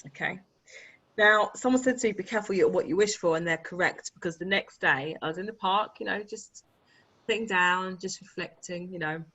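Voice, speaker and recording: A woman, a guest telling lively anecdotes in a casual interview chat. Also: lowish voice, fairly quick, low-quality recording. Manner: animated, laughing, chatty anecdotes. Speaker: guest, author and publisher. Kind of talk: casual conversational storytelling.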